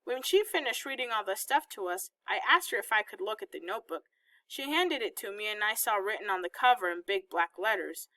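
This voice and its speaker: A woman reading a novel aloud, in steady storytelling narration. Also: medium pitch, normal speed, poor audio. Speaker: audiobook reader.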